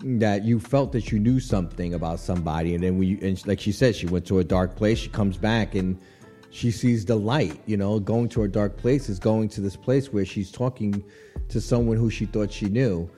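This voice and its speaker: Soft background music accompanies a radio host in the studio as he chats about a celebrity breakup. His fairly low voice moves at normal speed, and he stays animated and chatty, laughing often and frequently saying "you know what I'm saying" in this casual on-air commentary.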